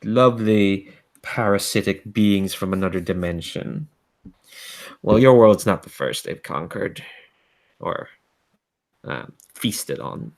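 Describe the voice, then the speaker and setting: Brief: man doing a jaded dimensional entity, smug and slow, low-pitched. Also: lively intonation, gravelly, darkish tone, heavily acted. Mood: amused. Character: bored, mocking otherworldly being from another dimension.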